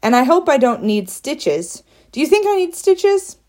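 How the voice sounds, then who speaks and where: A fussy young boy with a high, thin voice who fusses over small worries in long, formal sentences, as a woman reading aloud puts him on. He sounds earnest and dramatic, the way a storybook child might. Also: sing-song, measured pace, a little mellow.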